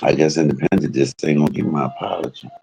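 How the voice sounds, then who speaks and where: A man's voice: extremely low pitch, fast talker, darkish tone, rough recording. A man hosting a casual livestream, chatting with viewers in a brash, joking way and cursing freely. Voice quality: gravelly and husky. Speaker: livestream host.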